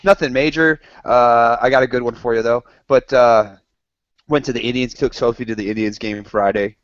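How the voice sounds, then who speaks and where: A man's voice: medium pitch, steady tone, moderate pace, no room sound. Rambling, swearing man telling stories. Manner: rambling storyteller, swears freely, acts out quotes. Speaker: co-host. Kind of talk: casual banter among friends. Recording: dull lo-fi podcast audio.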